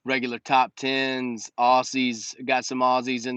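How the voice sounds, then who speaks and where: A man's voice: medium pitch, little pitch movement, a little slow, fairly bright tone, clear, resonant tone, no echo. Slangy, emphatic man with dull, dry sound. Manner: slangy and emphatic, repeats points. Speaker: business coach host. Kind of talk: casual livestream Q&A.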